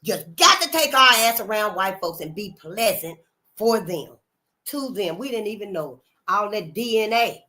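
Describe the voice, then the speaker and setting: Animated, bright-voiced woman host. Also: medium pitch, normal speed. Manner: animated, preachy, swears freely, talks to viewers directly. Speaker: channel host. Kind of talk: casual commentary and reading. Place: hot room at home.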